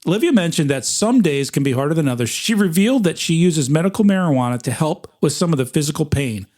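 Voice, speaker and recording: A man's voice: a little high, lively intonation, fast, darkish tone. A man in his sixties co-hosting a podcast, chatting casually and reading out news items with enthusiasm. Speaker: podcast co-host. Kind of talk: casual chat.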